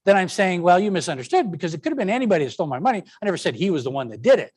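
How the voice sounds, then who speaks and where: A man's voice: high voice, racing, few pauses. A man giving a lecture presentation on education and language, stressing words to make his points. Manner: animated, stresses words to demonstrate.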